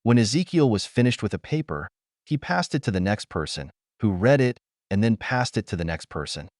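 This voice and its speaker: A man narrates an audiobook in a steady storytelling way. His low voice moves freely up and down in pitch. The recording is dry, with no room sound. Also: brisk, no echo.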